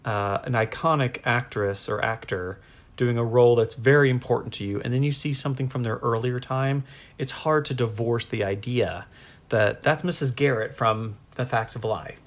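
Male co-host, chatty and rambling, mid-pitch, restarts often. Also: moderate pace. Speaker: podcast co-host. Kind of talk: casual chat.

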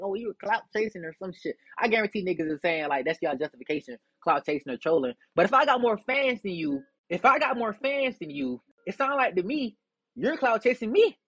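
Profane, defiant young man, husky voice. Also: very high-pitched, a bit bright, no room sound, dull audio. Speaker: podcast host. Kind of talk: casual rant to listeners.

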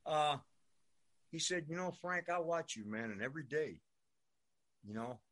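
A man's voice: a little high, expressive, unhurried, fairly bright tone. An older man from Brooklyn telling his own story in a rambling, profane way, peppered with "man" and "you know". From Brooklyn, New York. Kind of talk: personal storytelling monologue.

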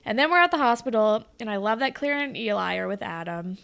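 Woman, casual chat, bright voice, animated, swearing, mimics characters. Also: a little high, a little fast, vocal fry, clear, resonant tone. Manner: animated, swears often, acts out characters' lines. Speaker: podcast co-host recapping a TV episode.

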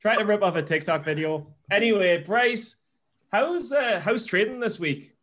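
A male co-host jokes around and asks quick questions in an animated, casual way. His voice sits fairly high. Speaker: podcast co-host. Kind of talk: casual chat.

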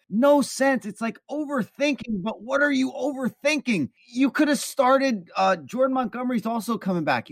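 A man's voice: high-pitched, a bit bright, no room sound. A man hosting a casual sports talk show, opinionated and emphatic.

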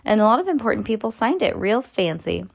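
A woman voicing an excitable, bossy young girl who proclaims things dramatically while reading a storybook. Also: fairly high pitch, brisk, creaky, exaggerated voice. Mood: excited. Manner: bouncy, proclaiming.

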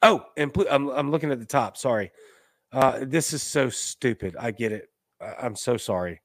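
A man hosts a casual livestream chat in a loose, rambling way, swinging between loud bursts and muttered asides. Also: medium pitch, expressive, normal speed, dry recording. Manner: loose and rambling, with swerves in loudness and pace. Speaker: host.

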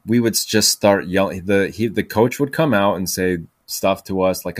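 A man's voice: sits low, moderate pace, hardly any pauses, no echo, studio quality. A man hosting a podcast, telling stories in a rambling way with many fillers and restarts. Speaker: podcast host. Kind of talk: casual storytelling monologue.

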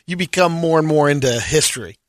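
A man's voice: a little high, animated, normal speed, dry recording, studio quality. A man co-hosting a talk show, musing aloud in a hesitant way. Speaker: co-host. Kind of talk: casual chat.

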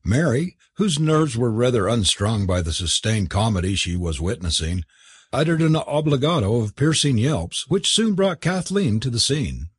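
Husky, expressive male storyteller. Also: medium pitch, normal speed, no room sound, studio quality. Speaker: narrator. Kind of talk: scripted audiobook narration.

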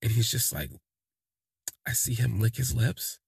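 A man's voice: mid-range voice, expressive, a little slow, gravelly, a little mellow, breathy edge. A man telling a first-person story in a casual, rambling way, full of "like" and "you know". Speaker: podcast storyteller.

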